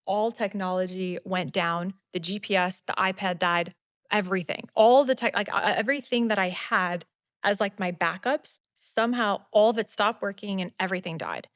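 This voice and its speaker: A woman guest on a podcast telling a personal story in casual talk, animated and full of "like" fillers. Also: medium pitch, normal speed, dry recording, studio quality. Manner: animated, acts out quotes, many "like" fillers.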